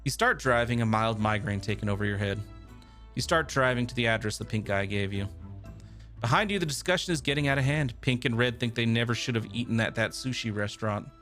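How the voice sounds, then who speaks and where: A man streaming a story game live, reading its narration aloud in a mid-pitched voice with casual asides. Faint music plays in the background. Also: brisk, fairly bright tone.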